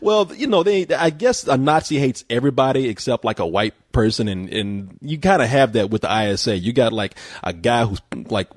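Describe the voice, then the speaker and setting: A man hosting a game podcast in casual, teasing banter, swearing freely as he goes. His voice sits at an ordinary middle pitch. The sound is close and dry, with no room around it. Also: expressive, fairly quick, few pauses, no room sound. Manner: profane, joking, laughs often. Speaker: podcast host reviewing a game.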